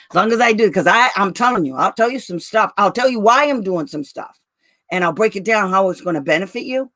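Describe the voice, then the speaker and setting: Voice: medium pitch, fairly bright tone, dry recording, clean studio sound. A special education advocate in casual livestream talk with parents, blunt and brash, laughing often and calling listeners "girl" and "honey".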